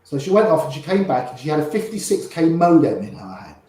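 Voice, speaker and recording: A man's voice: fairly high pitch, big pitch swings, quick pace, dark tone. An older man casually telling anecdotes as a guest, acting out the voices of people in his stories. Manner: chatty, acts out quoted voices in his tales. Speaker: guest storyteller. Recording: very echoey room.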